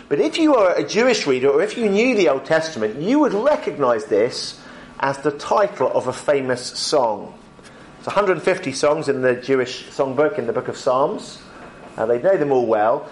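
A man giving a lunchtime Bible talk as a preacher, conversational with frequent ums, slowing down to stress key points. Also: medium pitch, animated, slight background noise.

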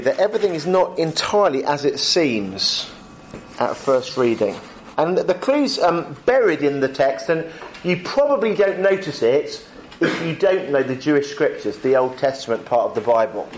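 A man giving a lunchtime Bible talk as a preacher, conversational with frequent ums, slowing down to stress key points. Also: a little high, sing-song, slight background noise.

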